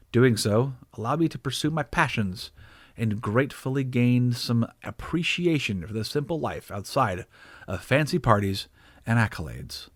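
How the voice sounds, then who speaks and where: A man's voice: mid-range voice, a bit bright, dry recording, studio quality. A man reading his own fictional short story aloud in a wry, theatrical storytelling manner. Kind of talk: scripted narration of a short story.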